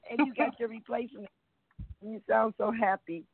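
Guy on a phone line, kinda gravelly voice, giggles a lot, reads poems all halting and rambly. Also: high-pitched, steady tone, no echo. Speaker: radio show host. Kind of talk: casual call-in chat and poetry reading.

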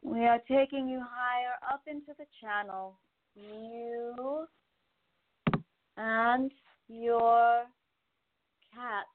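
A calm, solemn host of angels, channeled by a woman, speaking in a slow, incantatory cadence. The voice sits high. It comes through a narrow, phone-like line. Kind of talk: channeled spirit message.

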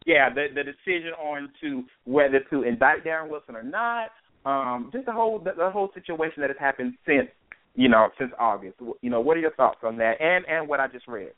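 A man's voice: on the high side, lively intonation, a little fast, no room sound. A man hosting a discussion, reading a news account aloud and commenting on it, with many hesitations and restarts. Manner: hesitant, with frequent fillers and restarts. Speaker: host. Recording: dry phone-line call audio.

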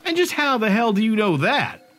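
A man voicing a gruff, cynical male private investigator in an audiobook, sardonic and grumbling. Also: a little high, sing-song, brisk, a bit bright. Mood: skeptical.

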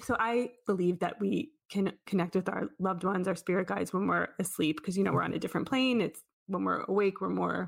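A woman hosts a casual chat, relaxed and affirming as she talks. Her mid-pitched voice has a gravelly fry to it, and the sound is dry and close. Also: fairly quick, few pauses, no echo. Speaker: podcast host.

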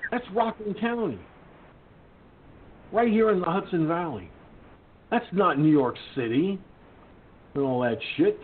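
A man's voice: high voice, lively intonation, measured pace, pauses often. A male internet radio host who reads news items aloud and then rants about them, indignant and swearing. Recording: tinny phone-line sound with faint hiss.

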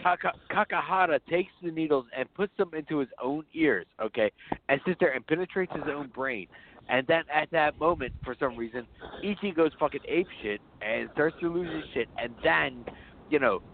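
Male co-host, rambling profane recap voice, fairly high pitched, thin phone-quality recording. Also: expressive, normal speed, slight background noise. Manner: profane, rambling, laughs often. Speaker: podcast co-host. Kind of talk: casual film discussion. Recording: phone-like, narrow sound.

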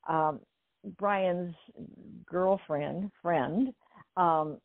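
An older woman from California tells her story with plenty of life, acting out what people said and often breaking into laughter. Her voice sits on the low side. It comes through a thin, phone-like line with a dry, close sound. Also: extremely slow, no echo. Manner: animated, acts out quotes, laughs often. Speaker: guest. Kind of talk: casual storytelling interview.

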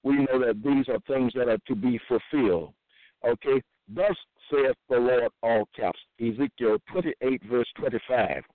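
Male preacher reading scripture in a sermon, measured delivery, lo-fi phone-line quality. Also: mid-range voice, no room sound. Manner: reads verses slowly with repeated asides. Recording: tinny, phone-like dry audio.

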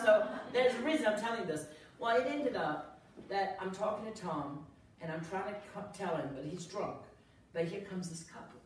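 Brief: a woman evangelist telling a story, low-pitched, energetic and funny, in a big echoey room. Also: a little hiss or hum. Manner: energetic, humorous, swings from hushed to loud. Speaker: evangelist guest. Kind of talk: storytelling testimony. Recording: echoey room, distant mic.

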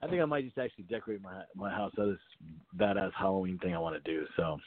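Low-pitched and fast, with no echo, this man rambles over a tinny phone connection. As an inventor guest on a casual call-in chat, he chuckles often and fills his speech with fillers and false starts.

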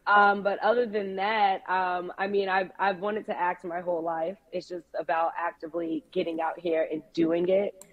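Female guest, from New York, relaxed, low voice, muffled call line. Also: normal speed. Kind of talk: casual interview chat. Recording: muffled remote call audio.

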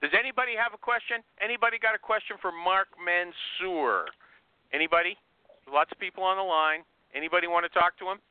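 A man's voice: high voice, a little fast, clean tone, no room sound. A man hosting a phone interview, pressing his guest with pushy, teasing questions. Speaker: host. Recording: tinny phone line.

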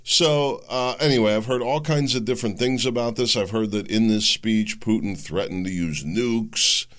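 A man's voice: fairly low pitch, moderate pace, a bit bright. A man hosting a political commentary podcast, talking casually and sarcastically, mocking the voices of his opponents. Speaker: podcast host.

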